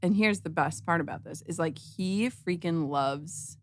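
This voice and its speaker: A woman's voice: fairly low pitch, a little slow, no room sound. Chatty woman podcast guest, dry sound. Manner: chatty, frequent "like" fillers, acts out dialogue. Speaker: guest, author and mother. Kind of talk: casual podcast conversation.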